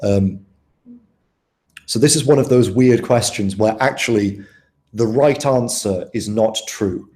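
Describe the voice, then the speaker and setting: A man's voice: lowish voice, unhurried, long pauses, a little mellow, echoey room. A young man tutoring students through an exam paper in a casual, chatty way, asking them questions as he goes. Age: young adult. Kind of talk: live online tutoring session.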